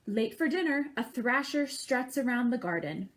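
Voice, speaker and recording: A woman's voice: fairly high pitch, lively intonation, normal speed. A woman reading a picture book aloud to children at a library, stopping to chat and imitate bird calls with them. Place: library program.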